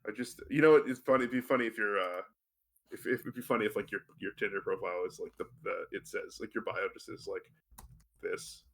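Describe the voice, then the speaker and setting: A young man co-hosting a podcast in casual chat, playful and animated, breaking into goofy sound effects. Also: on the low side, fairly quick, gravelly. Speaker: podcast co-host.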